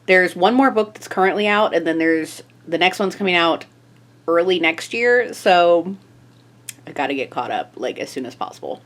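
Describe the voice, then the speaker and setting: A young woman talks about her reading in a casual vlog, chatty and upbeat. Her voice sits a little low for a woman. She fills her talk with small laughs and fillers. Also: animated, normal speed. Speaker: book vlogger.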